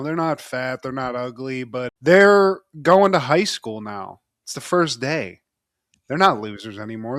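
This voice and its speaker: A man's voice: mid-range voice, a bit bright, smooth, no echo. A man co-hosting a podcast, chatting casually and joking with loose, offhand swearing. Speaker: podcast co-host. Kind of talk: casual chat.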